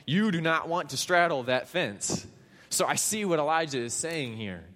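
Storytelling preacher in a reverberant hall. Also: male voice, fairly high pitch, moderate pace. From Kansas. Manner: storytelling, animated with playful asides. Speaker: pastor. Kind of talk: sermon.

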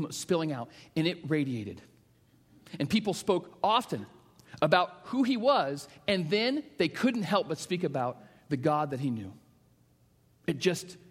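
A middle-aged male pastor preaching a sermon, telling stories that swing from hushed to emphatic. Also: on the high side, big pitch swings, normal speed, husky. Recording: long reverb of a large hall.

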